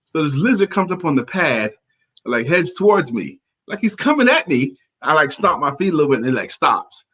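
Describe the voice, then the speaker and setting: A man's voice: on the high side, sing-song, brisk, a bit bright, slightly rough. A man co-hosting a talk show in casual chat, playful and teasing, laughing often. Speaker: co-host.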